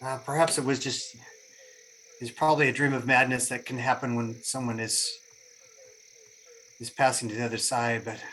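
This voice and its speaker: A man speaking as his character at a gaming table, earnest and heartfelt in his telling. His voice is of middle pitch, with a faint wash of night ambience underneath. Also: little pitch movement, moderate pace, long pauses, fairly bright tone, a little hiss or hum, low-quality recording. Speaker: player. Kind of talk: in-character tabletop role-play.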